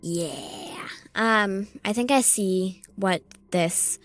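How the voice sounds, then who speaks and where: A woman playing a tabletop game, talking casually in a halting way with frequent fillers. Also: mid-range voice, a bit bright, soft background music. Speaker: player.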